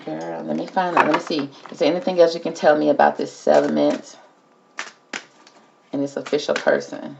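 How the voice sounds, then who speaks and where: A woman's voice: sits low, little pitch movement, normal speed, gravelly, lo-fi sound, background noise. A woman hosting a casual tarot reading, talking to the cards and calling everyone "girl". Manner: chatty, talks to the cards and calls everyone girl. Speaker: tarot reader host.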